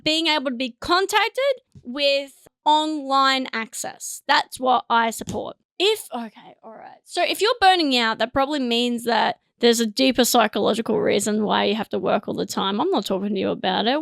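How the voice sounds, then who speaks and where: A woman's voice: sits high, lively intonation, normal speed, creaky, fairly bright tone, no echo, clean studio sound. A woman doing a rambling, self-mocking solo comedy monologue, laughing often. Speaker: comedian and podcast host.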